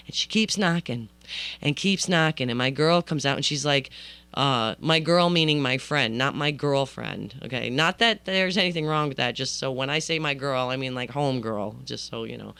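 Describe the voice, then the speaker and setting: A woman's voice: rumbling low, moderate pace, clear, resonant tone, dry recording. A woman hosting a podcast who tells a comic story with chatty asides to the listener and acts out the quoted lines. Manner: animated, acts out quoted dialogue. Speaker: podcast host.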